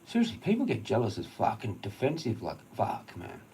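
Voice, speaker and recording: A man's voice: fairly low pitch, huge pitch swings, a little fast, mellow, a little hiss or hum, low-quality recording. A man with an Australian accent, ranting on a livestream, swearing heavily and rambling through an agitated story. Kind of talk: casual rambling rant.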